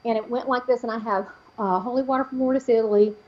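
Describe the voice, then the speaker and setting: Woman guest, psychic storyteller; lively, acts out quotes; fairly high voice, muffled recording. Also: quick pace. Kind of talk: telling a personal story in an interview.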